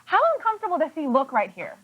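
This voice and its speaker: High-voiced chatty woman co-host. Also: very animated, fast talker, phone-quality sound. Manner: chatty, teasing. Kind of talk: casual broadcast banter and segment reading.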